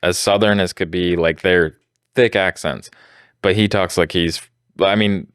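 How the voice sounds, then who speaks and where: A man from New York co-hosting a casual podcast, relaxed and joking. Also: low voice, unhurried, clean tone, dry recording, clean studio sound. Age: adult with a daughter. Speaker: podcast co-host.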